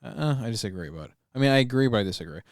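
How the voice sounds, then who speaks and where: A man's voice: on the low side, animated, rapid-fire, vocal fry, no room sound, clean studio sound. A young man co-hosting a podcast, giving short, laid-back replies and teasing his co-host. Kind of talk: casual podcast chat.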